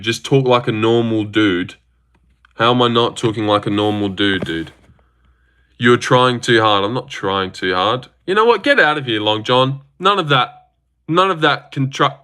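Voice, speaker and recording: A young man with an Australian accent chats through a livestream, reacting to viewer comments in a brash, animated way. His voice is bright and sharp, and he swears freely as his pitch leaps up and down. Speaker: livestream host. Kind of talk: casual livestream chat, reading viewer comments.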